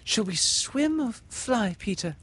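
A man's voice: sits high, animated, unhurried, a bit bright, a little hiss or hum, voice pushed up. A man voicing a brave, earnest young girl in a read-aloud storybook.

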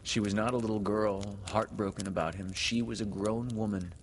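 A man reading a storybook aloud in a slow, expressive way. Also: on the low side. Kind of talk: storybook narration read aloud. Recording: long hall reverb, faint noise.

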